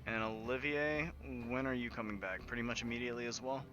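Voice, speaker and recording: A man acting as game master, briskly asking his players questions. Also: mid-range voice, steady tone, pushed and bright. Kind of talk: running a tabletop game. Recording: dull lo-fi audio.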